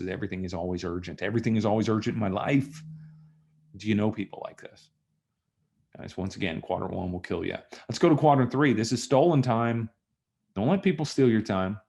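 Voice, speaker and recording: A man teaching a live online workshop, talking to students in a lively storytelling way and acting out conversations. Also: on the low side, creaky. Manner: animated storytelling, acts out dialogue. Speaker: trainer. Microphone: video call.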